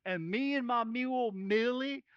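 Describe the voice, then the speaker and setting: A man's voice: very high voice, measured pace, smooth, no echo, lo-fi sound. A man speaking as a folksy cowboy storyteller, giving a playful chapel talk to children at camp. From Oregon.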